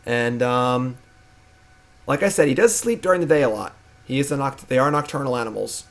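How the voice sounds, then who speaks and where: A man's voice: medium pitch, a little fast, creaky. Playful man hosting a live stream. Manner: playful, hypes and talks to his pet. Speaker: streamer and host. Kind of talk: casual live-stream chat.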